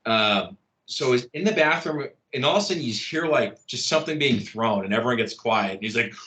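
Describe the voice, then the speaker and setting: A man's voice: mid-range voice, lively intonation, fairly quick, pushed and bright, slight background noise. A man, a guest in an interview, telling a long anecdote in a rambling, casual way with many fillers and restarts. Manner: rambling, lots of "like" and restarts, laughs at his own story.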